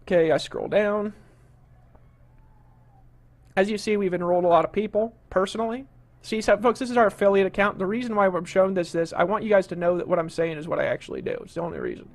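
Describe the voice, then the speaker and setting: Middle-aged guy running a webinar, high voice, pushy salesy talk. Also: fairly even intonation, quick pace. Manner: pushy salesman, scolds a complainer. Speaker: webinar host. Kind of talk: live marketing webinar.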